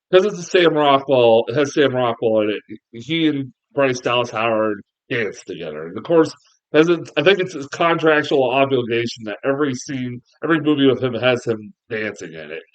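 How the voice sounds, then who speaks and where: A man's voice: fairly high pitch, lo-fi sound. A man giving a casual, exasperated film review, swearing often and laughing between complaints.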